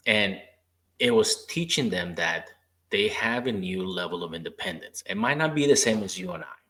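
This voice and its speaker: A low-voiced man hosts a relaxed podcast conversation. He tells stories from his therapy work and acts out what people said. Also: normal speed. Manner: storytelling, acting out quoted dialogue. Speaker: podcast host; former rehab therapist. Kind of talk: casual interview chat.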